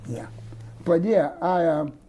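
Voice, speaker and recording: Slow and dark-toned, his voice sits a little high. In an oral-history interview indoors among his own artworks, the older artist rambles through his stories with many restarts and digressions.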